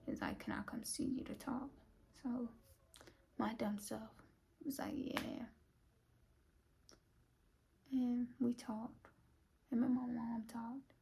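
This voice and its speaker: A woman's voice: on the high side, flat delivery, takes it slowly, vocal fry, pauses often, mellow, slight background noise. A young woman vlogger telling a personal story in a chatty way, full of fillers and often dropping to a half-whisper. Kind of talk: casual storytime vlog.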